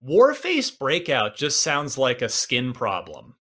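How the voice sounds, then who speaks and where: A man's voice: medium pitch, huge pitch swings, slow, a bit bright, breathy edge. A man in his forties hosting a casual gaming podcast, rambling and self-deprecating with many restarts. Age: 40s. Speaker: podcast host.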